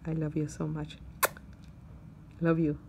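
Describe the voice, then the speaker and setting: A woman's voice: low voice, monotone, unhurried, gravelly, background noise. A woman recording an effusive, affectionate birthday message for her daughter-in-law.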